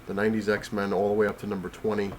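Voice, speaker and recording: The comic collector vlogger talks fast in a level, lowish voice against slight background noise. Sick and short of breath on his couch at home, he rambles casually, stumbling through fillers and restarts.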